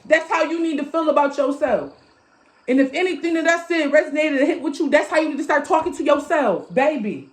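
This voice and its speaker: A woman with a high voice gives a casual motivational tarot reading, loud and emphatic, with plenty of swearing. She talks into a phone. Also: normal speed, slight background noise. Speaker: tarot reader.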